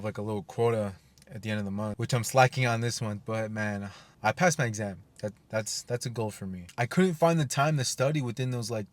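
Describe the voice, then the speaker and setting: A man's voice: mid-range voice, no room sound. Rambling young man telling a story. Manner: rambling, lots of "like" and swearing. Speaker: personal trainer vlogger. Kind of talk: casual storytelling vlog.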